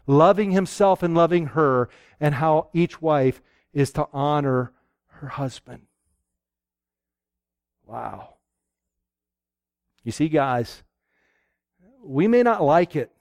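A man from Pennsylvania preaching a folksy, animated sermon and asking his listeners questions. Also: on the high side, dry recording, clean studio sound.

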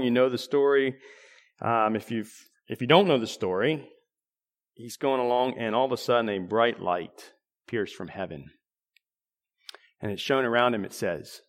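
A man preaching a sermon in a conversational way, restarting phrases and clearing his throat now and then. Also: medium pitch.

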